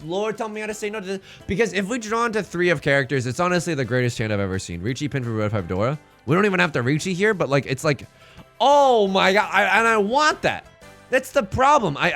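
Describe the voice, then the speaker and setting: A male streamer with a slightly high, bright, forceful voice talks over faint background music. His pitch swings widely as he hypes up his own jokes and riffs with chat. The tone stays playful and self-mocking. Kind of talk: live-streamed mahjong commentary.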